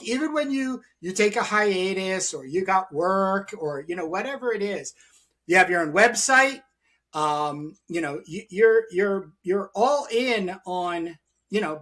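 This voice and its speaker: A man's voice: sits high, fairly bright tone. A man hosting a casual interview, talking in a rambling, enthusiastic way with many restarts. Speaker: podcast host.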